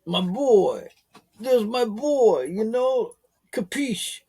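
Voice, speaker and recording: A man's voice: sits high, lively intonation, drawn-out words, dark tone, slightly rough, voice pushed up, full character voice. A man putting on a voice as an old-movie gangster doting on his dog, with a drawled, sing-song wiseguy delivery.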